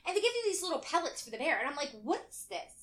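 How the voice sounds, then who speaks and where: A woman casually telling animated stories in a chat, laughing often and swearing freely. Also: sits high, very fast.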